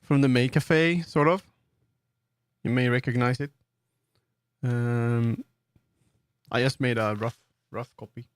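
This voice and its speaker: A man's voice: mid-range voice, fairly even intonation, slow pace, long pauses, clean tone, no echo, studio quality. A man with a Swedish accent, streaming and chatting casually as he builds in 3D, rambling with many fillers and restarts. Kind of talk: casual live-stream commentary while working in 3D.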